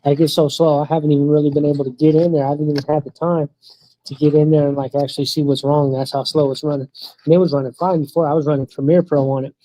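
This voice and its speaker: A man's voice: a little high, level tone, quick pace, dark tone, poor audio. A young man chatting casually on a livestream, slangy and swearing, laughing often. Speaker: streamer. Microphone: streaming mic.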